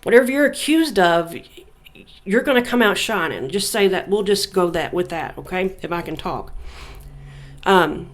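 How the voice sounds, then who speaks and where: A young woman giving a casual tarot reading, thinking aloud with frequent fillers and reading scripture passages slowly. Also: on the low side, expressive. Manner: unhurried, thinking aloud with many fillers, reads verses slowly. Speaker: tarot reader. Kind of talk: casual spiritual reading to camera.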